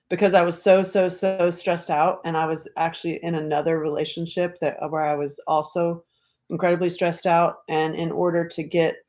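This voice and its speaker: A middle-aged woman from North Carolina, an author talking casually on a livestream, chatty and animated, acting out quoted voices. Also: fairly low pitch. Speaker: author and speaker.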